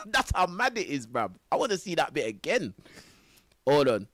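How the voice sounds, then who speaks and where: High, lively young streamer. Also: male voice, normal speed, no echo, clean studio sound. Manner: laughing, exclamatory, heavy slang. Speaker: live streamer reacting to clips. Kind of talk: excited reaction commentary.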